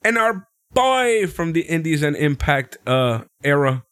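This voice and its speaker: With a clear, resonant tone and a slightly slow pace, a podcast co-host casually recaps a wrestling show in clean studio sound free of room noise. He stays animated, laughs often, and acts out quotes in high voices.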